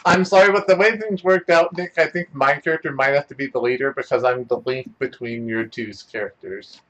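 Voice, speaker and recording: A man's voice: mid-range voice, a little fast, fairly bright tone, lo-fi sound. A man chatting casually as a player in a tabletop game, playful and laughing often.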